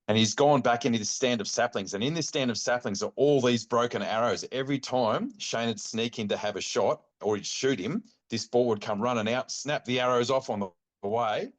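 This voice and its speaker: A middle-aged man with an Australian accent, a podcast guest telling hunting stories in a laid-back, animated way, slipping into the voices of his mates. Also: medium pitch, normal speed, few pauses. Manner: animated yarn-spinning, acts out quotes, laid-back slang. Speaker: podcast guest, bowhunting club chairman. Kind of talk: casual storytelling interview.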